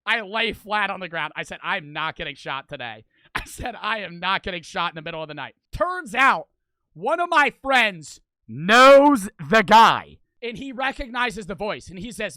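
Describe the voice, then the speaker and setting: Young male commentator, rowdy and profane, high sharp voice. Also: normal speed, no room sound. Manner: loud, excitable, swears often. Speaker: commentator reacting to videos. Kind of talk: profane animated storytelling.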